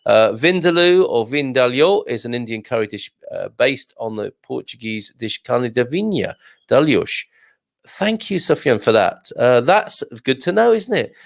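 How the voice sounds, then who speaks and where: Gravelly-voiced chatty male show host. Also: mid-range voice, animated, measured pace, no room sound. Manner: chatty, jokey, with frequent fillers and restarts; reads viewer comments aloud. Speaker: livestream show host reading viewer comments. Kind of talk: casual live chat.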